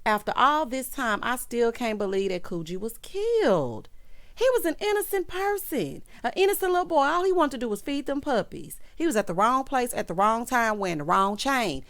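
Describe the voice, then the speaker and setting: A woman recapping a TV episode in a casual chat, animated and sassy, talking straight to her viewers with chatty asides. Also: on the high side, normal speed. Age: adult with a child. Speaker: TV recap reviewer.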